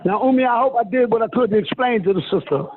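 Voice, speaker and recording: A man with a notably high voice preaches a long, emphatic lecture, pitching his words up and down and calling listeners honey and sister. He comes through a thin, phone-like line with a faint hiss behind him. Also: fast talker. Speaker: self-styled spiritual teacher.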